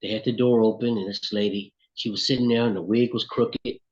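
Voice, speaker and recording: A middle-aged man from Alabama with a Southern accent, telling lively stories as an interview guest. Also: lowish voice, a little fast, highs cut off. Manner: animated storyteller, acts out voices in quotes. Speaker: recording artist, interview guest. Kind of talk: storytelling in casual interview.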